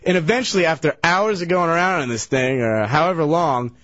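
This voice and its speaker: A man's voice: on the high side, fairly quick, fairly bright tone, dry recording. A tired man telling a rambling story on a radio show, hesitating and restarting his sentences. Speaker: regular guest recounting a story. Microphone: studio radio mic. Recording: dull dry radio broadcast.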